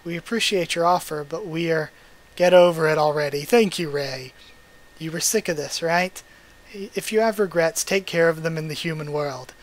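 A man's voice: a little high, rough recording. Emotional man reading a manga aloud. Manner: emotional, tearful, chatty asides. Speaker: manga readthrough host.

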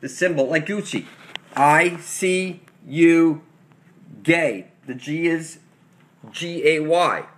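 A man delivering a rambling, preachy conspiracy rant straight to his audience, swinging between loud outbursts and muttered asides. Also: a little high. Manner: preachy, emphatic, keeps calling out to 'people'. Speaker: channel host.

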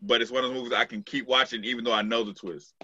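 A man's voice: medium pitch, fairly even intonation, rapid-fire, bright, forceful tone, muffled recording, slight background noise. A man co-hosting a casual movie talk show, loose and profane, laughing often. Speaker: podcast co-host.

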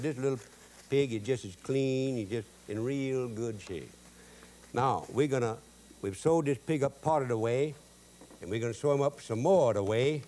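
Over slight background noise, a Cajun cook with a medium-pitched, darkish voice runs a joking, folksy demo. He spins stories in a Louisiana drawl, his grammar loose in the Cajun way.

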